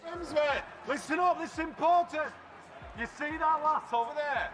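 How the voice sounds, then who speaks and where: An actor playing a crude, loud working-class northern English man in a film scene, bellowing his lines. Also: extremely high pitch, moderate pace. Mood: urgent. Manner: bellowing, brash. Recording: film soundtrack with music.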